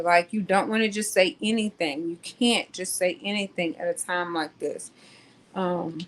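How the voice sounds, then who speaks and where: A woman hosting a casual live talk, pausing often with ums and restarts. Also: on the low side, steady tone, fairly bright tone, low-quality recording. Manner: slow, hesitant, many ums and restarts. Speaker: host.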